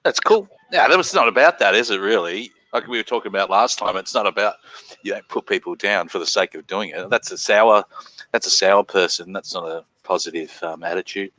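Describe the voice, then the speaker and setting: A middle-aged Australian man chatting casually as host of a live stream, laid-back and quick to greet viewers. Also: lowish voice, bright, forceful tone, no room sound, rough recording.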